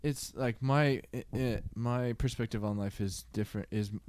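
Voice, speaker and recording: Hesitant, mellow-voiced podcast host man. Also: medium pitch, a little hiss or hum. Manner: hesitant, halting, musing. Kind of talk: casual podcast chat.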